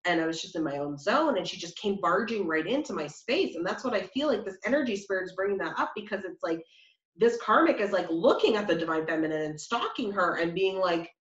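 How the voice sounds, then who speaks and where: A woman's voice: medium pitch, lively intonation, brisk. A woman giving a casual tarot reading, talking in a chatty, rambling way with many fillers. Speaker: tarot reader. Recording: roomy, slightly dull sound.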